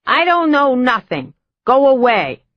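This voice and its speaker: A cackling woman in her seventies with a Boston accent, wary and curt as she snaps at visitors through a door. Her voice jumps up high and thin. The recording sounds a little dull and dry. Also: sing-song, measured pace, dry recording. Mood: suspicious. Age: 70s. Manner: curt, suspicious, dismissive. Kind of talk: audiobook character voice.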